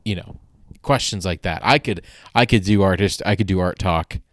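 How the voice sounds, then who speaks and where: A man's voice: low voice, normal speed, dry recording, studio quality. A man hosting a solo podcast, talking casually in a rambling, wry, self-deprecating way, with frequent restarts and casual swearing. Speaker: podcast host.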